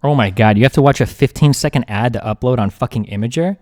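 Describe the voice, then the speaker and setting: A man's voice: medium pitch, quick pace, darkish tone. A man streaming, talking casually and profanely while reading messages aloud.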